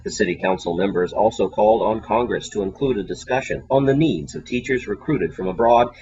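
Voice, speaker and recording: A male news anchor with a very husky, low voice, reading scripted stories in a steady, formal way. The sound is dull and lo-fi, like an old TV broadcast. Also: brisk.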